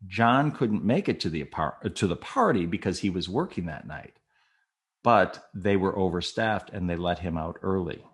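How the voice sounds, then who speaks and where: Middle-aged man, low voice with wide swings; candid storyteller who plays the other people. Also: lively intonation, moderate pace. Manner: candid and self-deprecating, with laughs. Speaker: storyteller guest. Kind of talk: personal anecdote told to a listener.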